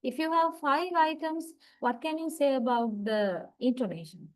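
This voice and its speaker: A woman's voice: sits high, normal speed, low-quality recording. A woman teaching a university class on English intonation, explaining step by step, checking in with "right?" and acting out example sentences. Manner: demonstrates sentences with exaggerated intonation. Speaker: lecturer.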